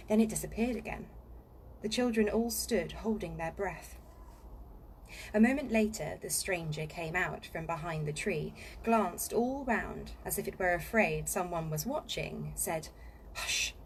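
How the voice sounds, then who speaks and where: A woman's voice: fairly low pitch, a little hiss or hum, rough recording. A woman reading a children's book aloud from a home studio, after a rambling, playful chat. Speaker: audiobook reader and voiceover artist.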